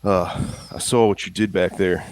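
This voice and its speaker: A man's voice: deep voice, steady tone, moderate pace, darkish tone, close to an everyday voice. A man voicing a blunt, folksy young God-fearing country man. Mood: uneasy.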